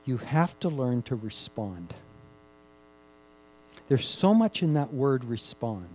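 A man preaching a sermon, rising to loud emphatic peaks and dropping to hushed, drawn-out phrases, repeating key words for emphasis. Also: mid-range voice, sing-song, low-quality recording. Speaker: pastor.

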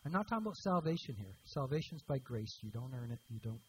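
A man's voice: medium pitch, sing-song, fast talker, husky, low-quality recording. A man preaching a sermon as pastor, emphatic and repeating key words for stress.

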